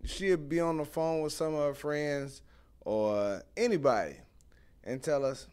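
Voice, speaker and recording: A young man hosting a casual live stream, telling lively stories and greeting viewers in the chat, speaking. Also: fairly high pitch, unhurried, smooth. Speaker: host.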